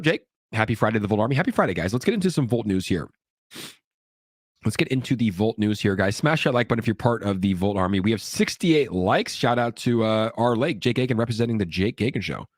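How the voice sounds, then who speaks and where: A man from California hosts a casual crypto livestream, upbeat and hyped as he reads viewer comments, though he's sick and coughs now and then. His medium-pitched voice is studio quality, with no echo.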